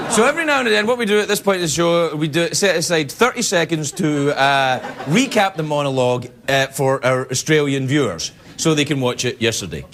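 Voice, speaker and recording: A man hosting a late-night talk show, cracking quick jokes and playful asides to a studio audience. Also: fairly high pitch, lively intonation, a bit bright. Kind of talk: comedy monologue banter. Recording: studio audience laughter and noise.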